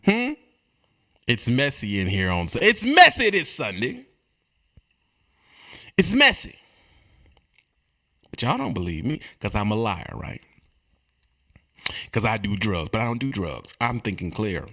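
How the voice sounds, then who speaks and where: A man delivering a streetwise comedic rant, animated and repetitive, swinging between loud and quiet. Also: lowish voice, normal speed. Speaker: comedic ranting monologue.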